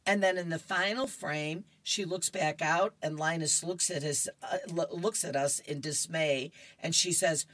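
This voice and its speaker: A woman's voice: low voice, fairly even intonation, measured pace, few pauses, fairly bright tone, dry recording. A woman radio reader cheerfully reading comic strips aloud to listeners. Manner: cheerful, laughs between strips.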